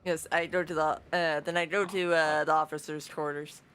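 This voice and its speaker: A woman's voice: deep voice, level tone, normal speed, a bit bright, smooth. A woman playing in a tabletop role-playing session, speaking hesitantly and playfully. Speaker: player.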